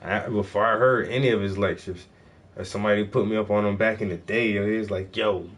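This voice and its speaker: A man's voice: on the low side, steady tone, fast. A man chatting casually on a livestream, laid-back and full of slang while he paints. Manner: laid-back slangy talk, lots of "bro" and "yo".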